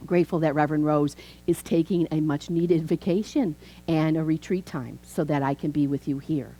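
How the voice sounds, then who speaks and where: A woman in her fifties, a minister, preaching a chatty, animated sermon in a church. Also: low-pitched, normal speed, poor audio. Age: 50s. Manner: animated, chatty, acts out quoted voices. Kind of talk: conversational sermon.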